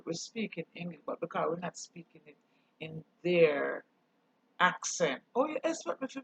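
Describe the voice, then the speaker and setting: A man's voice: on the high side, creaky, husky, no echo. A man from Jamaica with a Jamaican accent, talking earnestly in a casual monologue and mixing patois with English. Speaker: channel host. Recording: dull dry recording.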